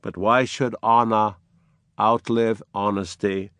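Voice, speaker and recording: A man voicing a broken, despairing warrior nobleman in a lowered, desperate verse reading. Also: flat delivery, slow, a bit bright, no room sound.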